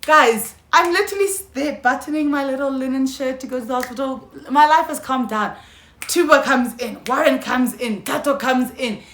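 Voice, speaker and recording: A young South African woman telling a storytime vlog, animated and slangy, often calling out to her viewers. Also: sits high, normal speed. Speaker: YouTuber. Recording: echoey room.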